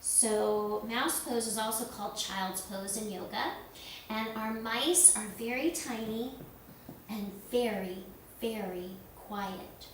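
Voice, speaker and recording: A woman leading a yoga lesson for children, giving slow, gentle, sing-song instructions. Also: on the high side, a little hiss or hum. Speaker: kids yoga teacher. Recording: echoey room, voice from far off.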